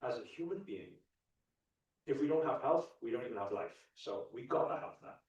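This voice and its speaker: A man's voice: medium pitch, animated, normal speed, a little mellow, recorded from a distance. A man speaking in an echoey hall. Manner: questions the crowd, repeats lines for emphasis. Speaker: spiritual teacher. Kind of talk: motivational talk to a live audience. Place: large hall at a live event.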